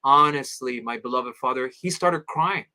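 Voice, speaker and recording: A man in his thirties, an interview guest, telling personal stories in an animated way and acting out his friends' voices. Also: moderate pace. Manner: animated, acts out friends' voices with big pitch jumps; addresses host as "my beloved father". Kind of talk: storytelling in casual interview.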